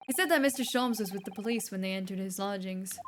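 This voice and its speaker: A woman's voice: medium pitch, fast talker, slight background noise, close to an everyday voice. A woman reading the lines of a courteous, earnest young male defense lawyer in a game.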